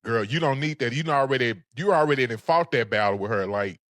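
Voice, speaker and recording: Animated guy dishing reality tv gossip, sassy, dry mic. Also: mid-range voice, fast, no echo. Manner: sassy, animated, sings phrases. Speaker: podcast co-host. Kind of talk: casual recap chat.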